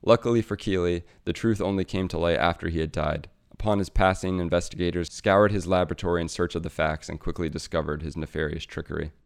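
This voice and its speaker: Deep smooth-voiced man narrating a script. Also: fairly even intonation, no echo, clean studio sound. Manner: measured, wry storytelling. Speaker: segment presenter.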